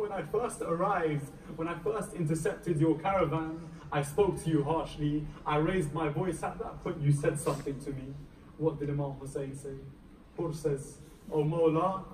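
A man preaching a dramatic story sermon, his slightly high voice swelling as he acts out the figures. He is recorded from a distance in an echoey mosque hall, with faint room ambience behind him. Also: a little mellow, a little hiss or hum. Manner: dramatic storytelling, voicing quoted figures with rising emotional intensity. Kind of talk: Muharram majlis sermon narration.

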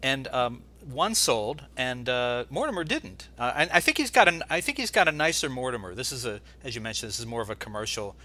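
A man's voice: medium pitch, very animated, a little fast, hardly any pauses, sharp tone. A man hosting an interview from his home over a video call, talking casually in a hesitant way, with lots of fillers and restarts. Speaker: interview host. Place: home in Florida.

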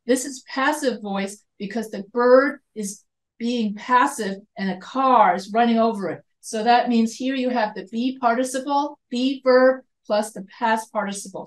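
A woman's voice: fairly high pitch, rough recording. An American woman teaching an online grammar lecture, explaining step by step, repeating points and correcting herself. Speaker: writing instructor.

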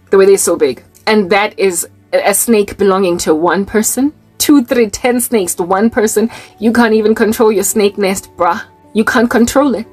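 A woman's voice: medium pitch, breathy edge. A South African woman giving an emphatic, preachy personal testimony, repeating key phrases for stress. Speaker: Christian vlogger.

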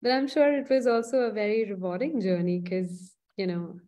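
A woman's voice: mid-range voice, normal speed, warm tone. Woman host, casual interview, meandering questions with lots of "um" and "you know". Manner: hesitant, many fillers while framing questions.

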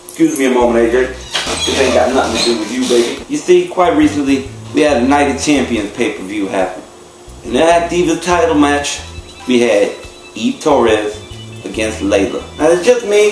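A man guest hosting with an indignant, slangy comedic rant. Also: fairly high pitch. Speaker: guest host. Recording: very echoey room with music.

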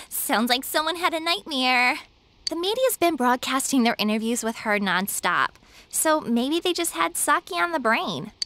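A woman's voice: high-pitched, lively intonation, unhurried, bright, forceful tone, full character voice. A woman voicing a blunt, caring teenage schoolgirl in a video game, anxious and direct. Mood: chatty.

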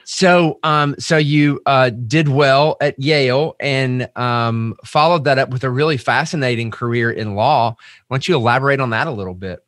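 A man's voice: mid-range voice, normal speed, fairly bright tone, no echo, clean studio sound. A man with a Southern accent hosting an interview, restarting his questions often. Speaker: interviewer, host.

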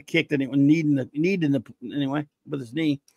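An excitable man hosting a podcast, rambling through listener reviews and breaking into jokes and the odd shout. His voice sits a little high for a man. The sound is dry, with no room echo. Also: normal speed, dull audio. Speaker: podcast host. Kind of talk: casual chat reading listener reviews.

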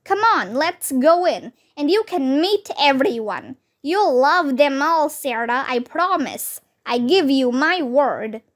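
Storybook frontier dad, gentle and comforting , voiced by a woman reader, unhurried. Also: sits high, lively intonation. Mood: reassuring. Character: frontier father, warm and reassuring.

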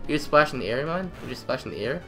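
A young man giving excitable let's-play commentary, trash-talking the game and repeating phrases in quick bursts. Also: medium pitch, soft background music. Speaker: gamer.

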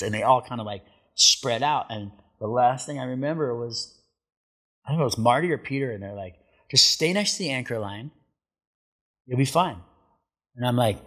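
A middle-aged man with a husky, mid-range voice appears as a surfer guest on an interview show. He tells a story in a casual, animated way, acting out what people said and saying "like" a lot.

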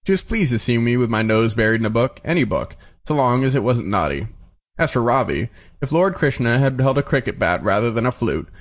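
Guy reading a novel aloud, wry storyteller, middling pitch, trips on a word now and then. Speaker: reader. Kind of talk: audiobook narration of a novel.

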